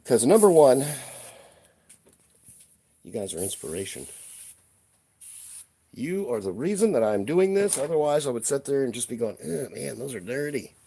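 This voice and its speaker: A man's voice: mid-range voice, sing-song, normal speed, pauses often, mellow. A man hosting a casual live stream, chatting playfully with his viewers while he cleans a shelf at home. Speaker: livestream host. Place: room at home by a toy shelf.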